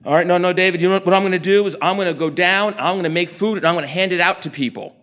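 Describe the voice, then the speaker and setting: A middle-aged man from New York City giving a storytelling sermon, acting out conversations in quick animated bursts. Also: high voice. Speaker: guest preacher.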